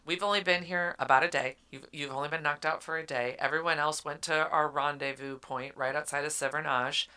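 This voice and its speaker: Woman podcast co-host, low and bright voice, animated recap with acted-out lines. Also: a little fast, few pauses, clear, resonant tone. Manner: animated retelling, acting out characters' lines with laughs. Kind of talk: casual book recap chat.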